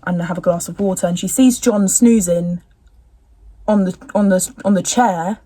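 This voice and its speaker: A woman's voice: on the low side, normal speed, mellow, no echo. A young woman in casual chat recapping a TV episode at home, rambling with slangy, jokey asides. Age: young adult.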